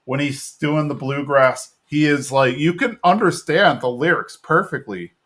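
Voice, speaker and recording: This man's voice sits a little high and sounds somewhat bright, and he takes his time. Co-hosting a podcast, he goes over a cartoon episode in a loose, wandering way, getting louder whenever he quotes a character.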